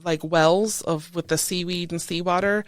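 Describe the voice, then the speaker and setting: A lively woman guest tells service stories in a casual interview, her voice smooth and clean. She throws herself into quoting other people and lets her voice jump around. The sound is close and dry, with no room in it. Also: lowish voice, moderate pace, no room sound. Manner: lively, animated storyteller who acts out quoted voices. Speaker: guest, retired Coast Guard chief petty officer.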